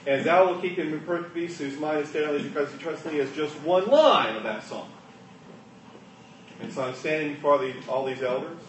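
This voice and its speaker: A man preaching a sermon, swinging between hushed asides and loud, emphatic lines. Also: a little high, noisy background. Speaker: pastor. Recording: echoey room, mic at a distance.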